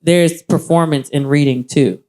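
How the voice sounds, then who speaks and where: Animated Texan woman hosting an open mic. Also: deep voice, unhurried. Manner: animated, acts out voices in quotes, slangy. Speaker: host of a poetry open mic. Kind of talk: live feedback to a performer. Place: live poetry event venue.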